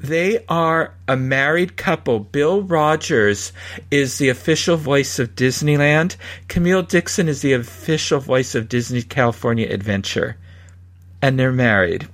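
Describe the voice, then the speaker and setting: A man's voice: medium pitch, unhurried, a bit bright. A man hosting a podcast, telling a story in a rambling, casual way with frequent restarts and laughs. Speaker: podcast host.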